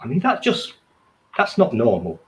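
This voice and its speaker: A man's voice: medium pitch, huge pitch swings, normal speed, rough recording. A man co-hosting a podcast in casual chat, teasing and sarcastic. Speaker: podcast co-host.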